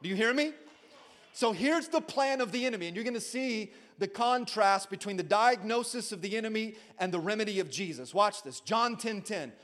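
A pastor with a high-pitched male voice delivers an Easter sermon to a live congregation. He builds his lines to loud, ringing shouts, then drops to near-quiet, and keeps calling on the church to answer him. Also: expressive, normal speed. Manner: dramatic preaching, swinging from shouts to hushed lines; calls out to the congregation for response. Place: church service before a congregation.

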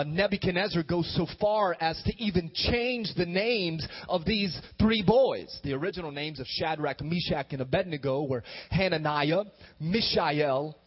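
A man preaches a sermon with a high, swooping voice. His tone is slightly husky and he climbs into loud, emphatic bursts. The recording sounds dull and lo-fi, with faint music underneath. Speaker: pastor.

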